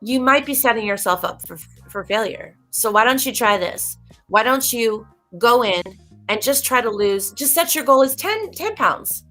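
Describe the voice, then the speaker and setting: Emphatic woman with a bright voice. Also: fairly high pitch, animated, moderate pace, soft background music. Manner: emphatic, preachy, talks straight to viewers. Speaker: livestream host. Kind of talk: casual livestream talk.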